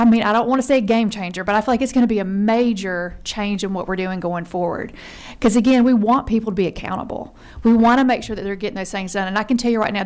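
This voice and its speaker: A woman's voice: medium pitch, smooth. A woman from Georgia giving earnest, conversational testimony before a legislative committee as a member service consultant. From Georgia, USA. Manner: earnest, conversational, says y'all.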